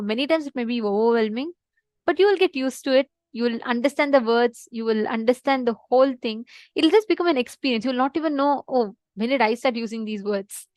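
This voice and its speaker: Woman, class instructor, highish voice, dry close sound, reassuring storyteller who checks in often. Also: a little mellow, no room sound. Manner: reassuring, checks in with "okay?" and "right?". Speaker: program instructor.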